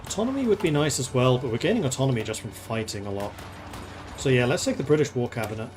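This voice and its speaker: A man's voice: medium pitch, animated, fast, darkish tone, a little hiss or hum. A man streaming a strategy game, thinking aloud in a chatty, playful way as he plays. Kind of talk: casual gameplay commentary.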